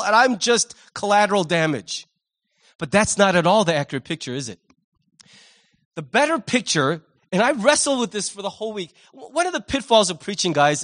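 A male pastor preaching a Sunday sermon, telling a vivid story with humor and lively energy. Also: sits high.

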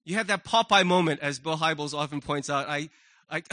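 Animated bright-voiced male preacher. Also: a little high, normal speed. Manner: animated, acts out quoted voices. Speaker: pastor. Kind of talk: sermon. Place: church sanctuary.

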